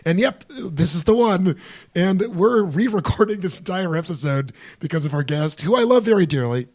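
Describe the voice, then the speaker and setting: A man with a head cold and a hoarse voice, co-hosting a casual comedic podcast chat in a joking, sarcastic way. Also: high-pitched, expressive, moderate pace, darkish tone. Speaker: podcast co-host. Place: small hot room.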